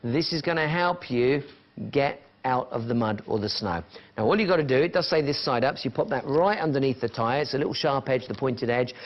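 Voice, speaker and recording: A man's voice: medium pitch, fairly quick. A man presenting a live shopping channel, chatting and counting down prices. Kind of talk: live TV sales pitch. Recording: dull lo-fi broadcast sound with music behind.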